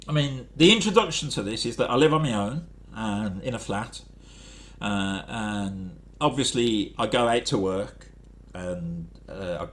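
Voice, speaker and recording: A man's voice: medium pitch, fairly bright tone. A man from England, a poet, chatting casually between short comic poems with dry, self-deprecating humour and rambling asides. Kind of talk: casual spoken-word talk reading short comic poems.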